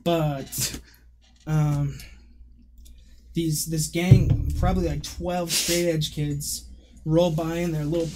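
Laughing, animated young-sounding man telling a story. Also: a little high, slow, long pauses, background noise. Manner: laughing, animated retelling with acted-out quotes. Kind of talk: casual storytelling.

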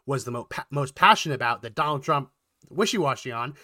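A man co-hosting a political commentary podcast, talking in a quick, animated way and getting worked up. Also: medium pitch, dry recording, studio quality. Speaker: podcast co-host.

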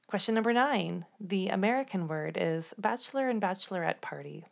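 A woman co-hosting a podcast who asks the quiz questions, brisk and matter-of-fact. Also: mid-range voice, expressive, vocal fry. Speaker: podcast co-host, quizmaster. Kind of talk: casual quiz chat.

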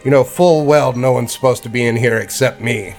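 A man's voice: mid-range voice, a little fast, a little mellow, soft background music, close to an everyday voice. A man voicing a grumpy, impatient male dwarf alchemist in a tabletop game. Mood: irritable. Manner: testy, impatient.

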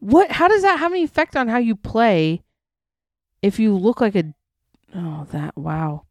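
A woman's voice: medium pitch, expressive, measured pace, no echo, clean studio sound. A woman co-hosting a casual chat, blunt, mocking and profane.

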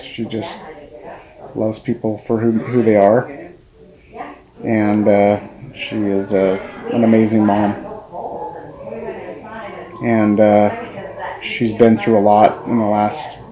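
A groom, a man, talking warmly and hesitantly about his bride-to-be, often restarting his sentences. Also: fairly low pitch, creaky, rough recording. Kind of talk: heartfelt casual talk.

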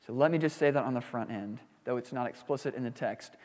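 A male pastor delivers a sermon in a relaxed, conversational manner, slipping in asides as he teaches. His voice sits in a middle register, and a long reverb from a large church hall trails after his words. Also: mid-range voice, fast talker. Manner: conversational, with frequent asides like "right?". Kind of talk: sermon with scripture reading and prayer.

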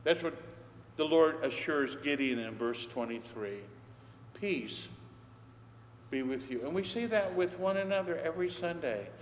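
Speaking at a moderate pace with a fairly high pitch, this older priest preaches by telling a conversational story and performing its dialogue. Faint background noise and echo from the church hall are audible.

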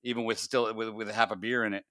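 A man's voice: fairly low pitch, flat delivery, quick pace, bright, forceful tone, no room sound, clean studio sound. A man co-hosting a podcast, joking and teasing in casual chat. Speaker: podcast co-host.

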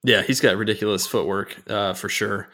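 A man's voice: on the low side, fairly even intonation, bright, forceful tone. Upbeat podcast host man. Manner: upbeat, jokey, quick banter. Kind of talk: casual sports podcast chat. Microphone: podcast microphone.

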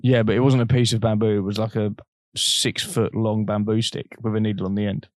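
A young man, co-hosting a podcast and trading deadpan, teasing quips. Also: lowish voice, brisk, no echo, studio quality. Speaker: podcast co-host. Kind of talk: crude casual banter.

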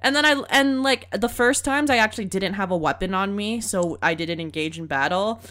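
A woman in casual chat about a video game, thoughtful and measured, getting high and giggly when amused. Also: a bit bright. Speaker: co-host discussing a video game.

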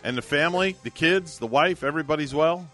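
A man's voice: on the high side, fairly quick, fairly bright tone, soft background music. Chatty male morning radio host. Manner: jokey, chatty banter.

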